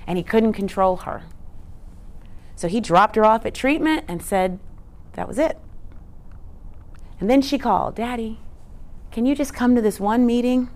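A woman presenting a teaching talk in an earnest, conversational way, often asking rhetorical questions. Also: medium pitch. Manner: conversational, frequent rhetorical "right?"; earnest, emphatic.

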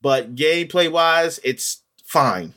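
A man's voice: on the high side, lively intonation, takes it slowly, sharp tone. A man chatting casually in a podcast, rambling with many ums and restarts. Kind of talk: casual chat about video games.

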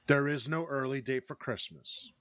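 A wry man joking around on a casual podcast panel. He swears freely. His voice is mid-pitched and dry. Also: moderate pace, fairly bright tone, no echo. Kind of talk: casual chat.

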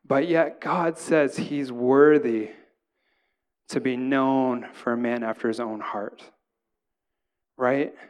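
A man's voice: mid-range voice, steady tone, takes it slowly, long pauses, clean tone. A man in his thirties, a pastor preaching a sermon in a casual, conversational way, often checking in with the congregation. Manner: casual, conversational preaching with frequent "right?" asides.

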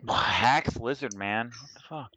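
A man's voice: mid-range voice, a little slow, background noise. A man playing a tabletop game, counting his moves aloud and reading the rules out carefully. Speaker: player.

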